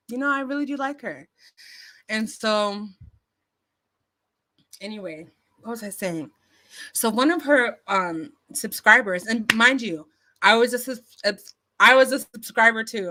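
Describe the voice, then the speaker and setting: A woman's voice: on the high side, bright, forceful tone. A woman vlogger telling a story casually into her phone, chatty, with lots of fillers and restarts. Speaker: YouTube commentary vlogger.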